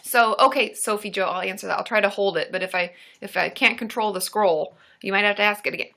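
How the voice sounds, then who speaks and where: A woman therapist hosting a live advice stream with a bright, forward tone. She talks in a loose, chatty way, full of "like" and "um". She stays supportive and joking. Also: medium pitch, fairly even intonation, quick pace, vocal fry. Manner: chatty, supportive, casual filler-heavy talk; laughs and jokes with her partner. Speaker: licensed therapist and channel host.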